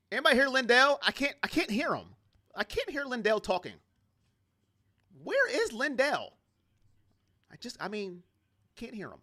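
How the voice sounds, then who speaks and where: A man's voice: extremely high pitch, sing-song, normal speed, long pauses, sharp tone. A man giving casual play-by-play and reactions to a football game as a fan commentator, sarcastic and exasperated.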